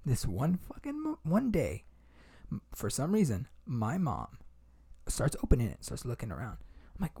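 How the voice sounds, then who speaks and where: A man's voice: mid-range voice, wildly swooping pitch, normal speed, creaky, warm tone, slightly rough. A young man hosting a podcast, telling a story in casual chat with lots of fillers, restarts and swearing. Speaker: podcast host.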